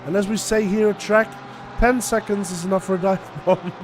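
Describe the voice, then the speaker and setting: A high-voiced man calls a sim race live, breaking down lap times and strategy in a chatty, analytical way. He laughs easily along the way. Loud race car noise runs behind him. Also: fairly even intonation, moderate pace. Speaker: race commentator. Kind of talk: live sim racing commentary.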